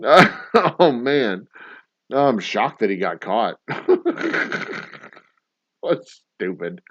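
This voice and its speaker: A man's voice: medium pitch, sing-song, extremely slow, pauses often, a bit bright, no echo. A man hosting a casual livestream, reading a news story and riffing on it in a profane, incredulous way, in a dull, dry lo-fi recording. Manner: profane, incredulous, laughing riffs. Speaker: host.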